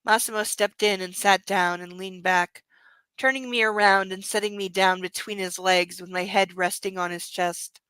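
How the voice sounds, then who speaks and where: Bright, wry woman reading aloud. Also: mid-range voice, steady tone, moderate pace, smooth, no room sound, poor audio. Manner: wry, exasperated asides. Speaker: host reading a book aloud.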